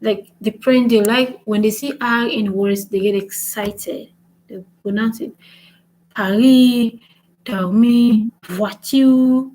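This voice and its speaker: A woman's voice: medium pitch, fairly even intonation, unhurried, a little mellow, low-quality recording. A woman hosting a casual language lesson vlog, switching between French and English and repeating points with "right?". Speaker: language-learning channel host.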